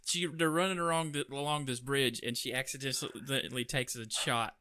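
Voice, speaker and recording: A man's voice: mid-range voice, fairly even intonation, normal speed, bright, forceful tone, no room sound. A young man co-hosting a podcast, easygoing in casual chat, mostly giving short agreeing replies. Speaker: podcast co-host.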